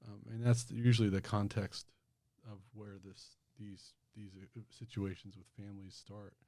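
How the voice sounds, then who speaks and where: A man with a fairly low voice explains things thoughtfully in a podcast interview. His phrases often trail off softly, and the recording is dry and close. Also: flat delivery, normal speed, no room sound. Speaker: chief medical officer.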